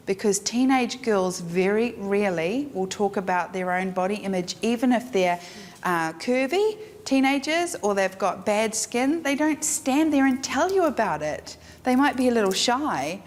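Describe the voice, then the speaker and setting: A woman teaching a live photography workshop, frank and animated, acting out her clients. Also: medium pitch. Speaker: photography instructor. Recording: echoey room with faint noise.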